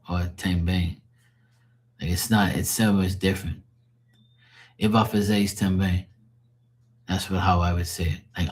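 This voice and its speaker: A man with a low, somewhat dark voice hosts a live stream, chatting loosely with viewers in a casual, explanatory way. He explains language differences to chat, swears casually now and then, and laughs easily.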